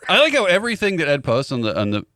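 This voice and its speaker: Fast-talking man cracking jokes. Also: on the high side, wildly swooping pitch, sharp tone, no echo, clean studio sound. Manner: quick-witted, jokey asides. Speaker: podcast co-host. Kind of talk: casual comedic chat. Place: podcast studio.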